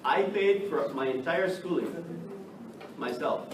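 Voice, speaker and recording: A man from the United States teaching an English class, lively and checking in with the students by asking "right?" again and again. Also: fairly high pitch, slow pace. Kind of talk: classroom lecture. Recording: echoey classroom from far off, noisy.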